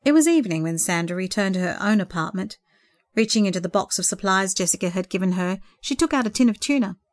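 A woman reads a story aloud in a gentle, expressive way, her voice at a middle pitch. The sound is close and dry, with no room around it. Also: quick pace, dry recording. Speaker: narrator. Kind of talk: storybook narration.

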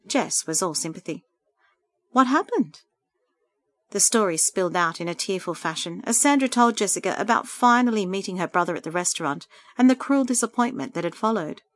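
A woman narrating a story aloud in a calm, steady reading voice. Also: fairly low pitch, quick pace, hardly any pauses, no echo.

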